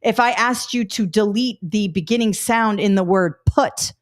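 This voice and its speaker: A middle-aged woman teaching a live test-prep webinar, upbeat and coaching, talking through examples out loud. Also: medium pitch, normal speed.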